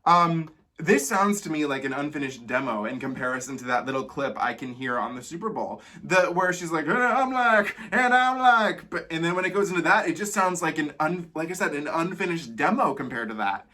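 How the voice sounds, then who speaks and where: A man hosting a casual music reaction, talking animatedly and breaking into sudden high exclamations. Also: fairly quick, few pauses, pushed and bright.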